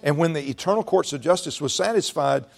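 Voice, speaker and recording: A man preaching a sermon in conversational call-and-response style, slowing down to stress key phrases and teasing the congregation with humorous asides. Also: fairly high pitch, animated, creaky.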